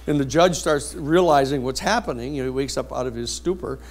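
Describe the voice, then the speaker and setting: A man lecturing a university class, telling a courtroom story in a blunt, lively anecdotal way. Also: medium pitch, brisk.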